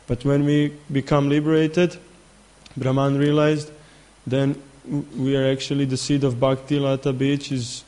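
A man delivers a spiritual sermon, telling a story with frequent restarts and repeated words. His voice sits at an average pitch for a man and barely moves, staying flat and even throughout. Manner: halting, repeats words, many fillers. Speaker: spiritual teacher.

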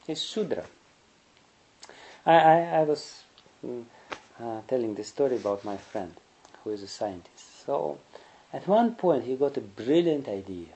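A man's voice: mid-range voice, expressive, measured pace, warm tone, rough recording. A man giving a spiritual lecture, telling stories in a rambling way and chuckling often. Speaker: spiritual teacher.

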